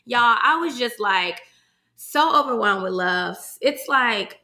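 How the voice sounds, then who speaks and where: Hosting her own podcast, a young Virginian woman talks to listeners in a slightly high, sharp voice with lively intonation and a slow pace. Her storytelling is casual, laced with swearing and lots of "y'all," and at moments she holds back tears.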